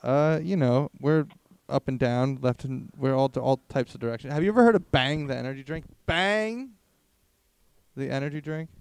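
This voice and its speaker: A man's voice: medium pitch, brisk, hardly any pauses, a little mellow, clear, resonant tone, no echo. Joking, rambling young male podcast host. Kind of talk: crude comedic banter.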